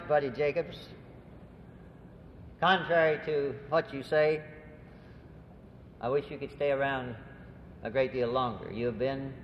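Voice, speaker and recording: A man who is a university president gives a courteous, formal address to a gathering, with the occasional hesitant "uh". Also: mid-range voice. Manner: measured, courteous, with hesitant fillers. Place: large hall at a symposium. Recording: reverberant hall on a dull, faintly noisy old recording.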